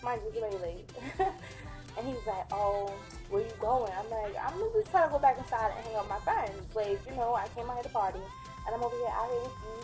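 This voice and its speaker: A young woman telling a casual storytime vlog, animated, acting out the other people's lines in quick mock voices. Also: a little high, over music. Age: young adult. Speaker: vlogger.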